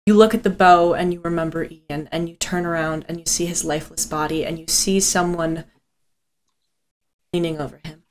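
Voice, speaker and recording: A woman game master narrating a tabletop game with intensity, swearing freely and dropping low for solemn moments. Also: steady tone, moderate pace.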